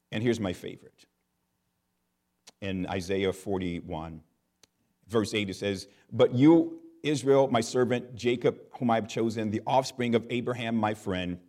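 A man's voice: mid-range voice, warm tone. Man preaching with dramatic rises. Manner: slow emphatic scripture reading with dramatic rises. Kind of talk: sermon.

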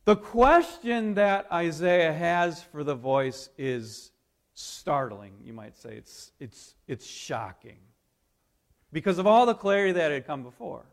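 A man preaching a sermon in a dramatic way, swinging from loud declarations to near-whispers and laughing lightly as he goes. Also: on the high side, sing-song, slow pace, creaky. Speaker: pastor.

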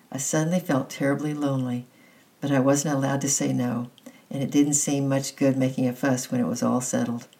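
A gentle reader narrates a children's novel aloud, chapter by chapter. The voice is dark and mellow, with a gravelly texture. The reading is calm and unhurried, and the reader signs off with affection. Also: medium pitch, rough recording. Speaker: storybook reader.

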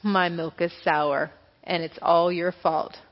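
Storybook cow, slow and low, as a woman puts her on; echoey hall, dull sound. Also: steady tone. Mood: plain. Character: female cow, plain and matter-of-fact.

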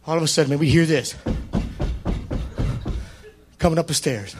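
A man in his fifties preaching a sermon, telling stories and building up to shouted praise. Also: fairly high pitch, moderate pace, noisy background.

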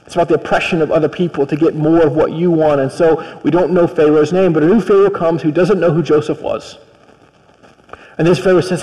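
A man's voice: fairly high pitch, steady tone, fairly quick, warm tone. A man preaching a conversational sermon, retelling stories and acting out the characters. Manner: conversational storytelling, acts out characters. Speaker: pastor. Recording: long reverb of a large hall.

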